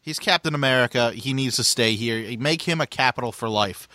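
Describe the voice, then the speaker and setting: A man's voice: mid-range voice, fairly quick, sharp tone, dry recording, studio quality. A man hosting a casual sports podcast, introducing segments upbeat and teasing his co-host.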